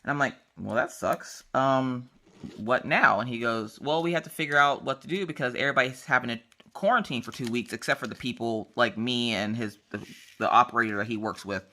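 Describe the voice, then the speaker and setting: A woman's voice: rumbling low, brisk. A woman chatting casually to camera while crafting, telling a story and acting out the people in it. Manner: animated storytelling, acts out dialogue. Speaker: vlogger.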